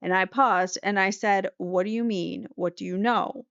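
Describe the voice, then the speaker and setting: A woman voicing a young male defendant, answering cross-examination in a halting, defensive way. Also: mid-range voice, steady tone, creaky, a bit bright, smooth, dry recording. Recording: slightly muffled dry recording.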